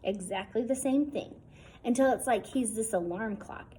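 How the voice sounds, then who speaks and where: A woman's voice: a little high, moderate pace, dark tone, slight background noise, rough recording. A woman reading a novel aloud in a casual, wry first-person storytelling tone. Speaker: audiobook reader.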